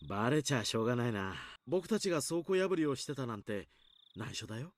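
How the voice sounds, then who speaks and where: Man doing a chill jokey grown guy in a game, kinda lively. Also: medium pitch, fast, natural voice. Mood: joking. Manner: relaxed, joking. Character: easygoing good-humoured adult man.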